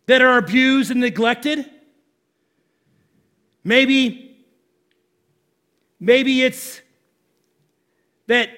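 A male pastor preaching a sermon to his congregation, animated and conversational, asking the room questions. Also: high voice.

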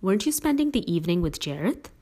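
A woman's voice: lowish voice, sing-song, fast talker, dark tone. A woman voicing a tired, protective middle-aged father in a read-aloud story, speaking earnestly and firmly.

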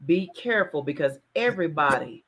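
Bright-toned woman affirming her co-host. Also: low voice, expressive, a little fast, breathy edge. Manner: affirming, chimes in with agreement. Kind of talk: faith talk show chat.

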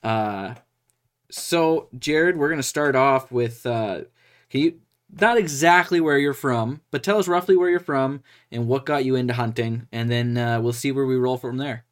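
A man's voice: mid-range voice, moderate pace. A young man hosting a hunting podcast, talking in an upbeat, jokey way. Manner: upbeat, jokey, laughs often. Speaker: podcast host. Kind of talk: casual chat.

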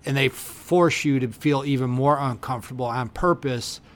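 A man's voice: mid-range voice, normal speed. A man co-hosting a casual podcast, ranting heatedly and swearing a lot, acting out little exchanges in raised voices. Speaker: podcast co-host.

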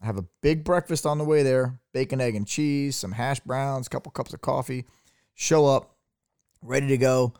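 A man's voice: medium pitch, steady tone, moderate pace, a little mellow, clear, resonant tone, no room sound, clean studio sound. A middle-aged man telling stories as co-host of a casual podcast chat, acting out the people he quotes. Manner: storytelling, acts out quoted voices.

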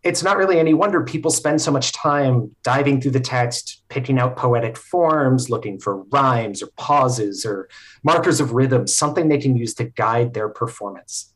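A man speaking as a podcast guest, telling stories in a thoughtful, explanatory way with frequent filler pauses. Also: mid-range voice, a bit bright. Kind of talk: casual conversational storytelling.

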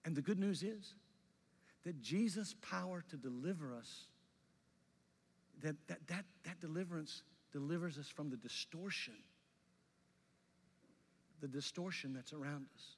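A male pastor preaching a sermon with passion, rising loud and dropping soft. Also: on the high side, moderate pace, slightly rough, big-room sound.

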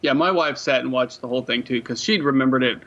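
A man's voice: mid-range voice, fast, fairly bright tone. A man in his forties, a podcast guest, chatting in an easygoing way and reacting with short exclamations. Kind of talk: casual podcast chat. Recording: dull lo-fi sound.

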